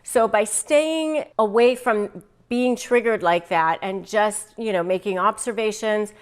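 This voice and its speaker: A woman's voice: medium pitch, measured pace. A middle-aged woman hosting an advice talk to camera, emphatic, repeating phrases and acting out sample lines. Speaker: host.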